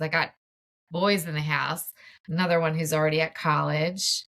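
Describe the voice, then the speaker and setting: A mindset coach in her forties casually guides viewers through a tapping exercise, chatty and open. Her voice is fairly low and a bit bright, at a normal speed.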